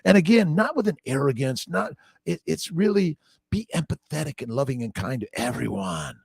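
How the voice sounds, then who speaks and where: A man's voice: a little high, expressive, moderate pace, vocal fry, breathy edge, dry recording, clean studio sound. An older man, a doctor, hosting a casual morning livestream, upbeat and preachy, greeting viewers by name.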